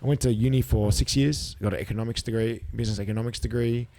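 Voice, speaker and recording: A man's voice: mid-range voice, steady tone, fast talker, vocal fry, warm tone. An Australian man in his thirties, a competitive eater telling stories casually and acting out quotes, swearing freely. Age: 30s. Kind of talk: casual storytelling with profanity.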